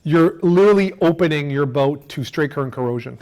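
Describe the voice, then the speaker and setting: A middle-aged man giving an animated seminar on marine electrics, using food analogies and acting out what customers say. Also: a little high, fairly quick. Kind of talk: lively technical seminar talk.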